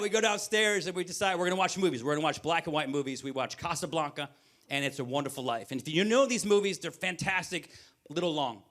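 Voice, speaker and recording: A man in his forties doing stand-up comedy, animatedly acting out both sides of conversations with quick voice shifts. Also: a little high, sharp tone. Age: 40s. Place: brewery stage before a live audience.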